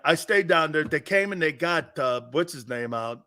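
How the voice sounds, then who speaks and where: A man's voice: a little high, lively intonation, normal speed, pushed and bright. A man hosting a sports talk show, telling stories in a boisterous, casual way, laughing often and swearing freely. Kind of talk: casual chat and storytelling.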